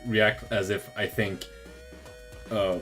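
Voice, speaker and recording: A man's voice: on the low side, flat delivery, slow pace, a bit bright, faint music behind. A man chatting casually with friends, speaking frankly and bluntly and swearing now and then. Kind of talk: casual chat among friends.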